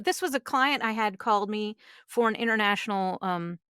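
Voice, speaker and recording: A woman, a singer and voice actress, chatting as a podcast guest, animated and laughing often. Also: mid-range voice, moderate pace, clean tone, dry recording, clean studio sound. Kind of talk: casual interview chat.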